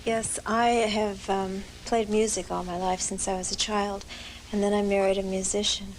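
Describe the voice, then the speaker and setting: Lady telling her story from the crowd, real flat, slow and unsure. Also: mid-range voice, a little hiss or hum, poor audio. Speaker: audience member. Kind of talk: sharing a story from the audience.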